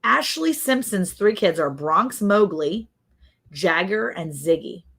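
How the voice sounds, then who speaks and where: A woman's voice: mid-range voice, lively intonation, slow pace, fairly bright tone, slightly rough. A woman hosting a casual livestream, quizzing her co-host and reading viewer comments aloud. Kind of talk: casual chat, running a guessing game.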